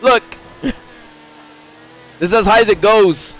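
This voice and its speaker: A man giving casual, foul-mouthed gameplay commentary, swinging between low mutters and sudden yelps. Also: takes it slowly, a bit bright, poor audio. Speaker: gaming streamer.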